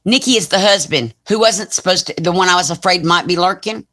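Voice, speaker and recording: Southern lady in her 40s, lowish voice, chatty and teasing, live crafting stream. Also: a little fast, bright, forceful tone. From Alabama, US. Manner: chatty, teasing, reads comments aloud. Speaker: crafting channel host. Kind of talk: casual live-stream chat.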